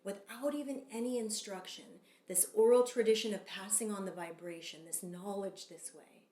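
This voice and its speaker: A woman teaching a yoga sutra lesson, speaking calmly and measured, leading chants. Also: medium pitch, reverberant. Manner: calm, slow and measured, with long drawn-out chants. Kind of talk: Sanskrit sutra lesson with call-and-response chanting.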